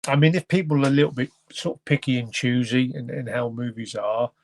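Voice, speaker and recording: A man's voice: mid-range voice, fairly even intonation, a little fast, no room sound. Male podcast host, mid-range voice, dry sound, rambling hesitant delivery. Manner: rambling, hesitant, stops to search for words. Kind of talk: casual film review chat.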